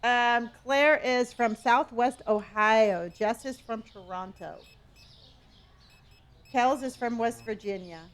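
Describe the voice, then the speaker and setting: Woman streamer from Southern California, casual chatter, pitch slightly high. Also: slow. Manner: chatty, reads viewer locations aloud with sudden excited gasps; talks to herself while playing a store game. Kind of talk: casual live-stream chat.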